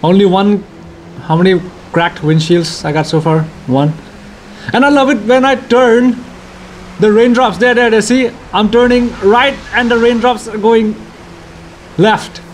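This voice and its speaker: A young Indian-accented man with a bright, high-pitched voice riffs through a racing game in a jokey, excitable way, often breaking into loud cheers. Game engine noise sits faintly underneath him. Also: a little slow. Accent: Indian English. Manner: excitable, playful, jokey, bursts of shouting. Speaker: gaming YouTuber. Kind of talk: let's-play racing commentary.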